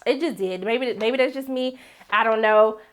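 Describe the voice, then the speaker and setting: A woman's voice: on the high side, moderate pace. A woman giving a casual TV episode recap, sassy and blunt, with slangy asides.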